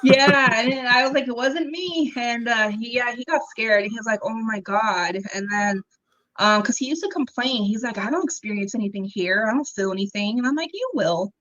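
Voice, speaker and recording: A young woman, a podcast guest, telling her own story in a casual, animated way, acting out what people said, with ums and laughs along the way. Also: fairly high pitch, moderate pace, muffled recording. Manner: animated, acts out quoted dialogue, frequent ums and laughs. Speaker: interview guest.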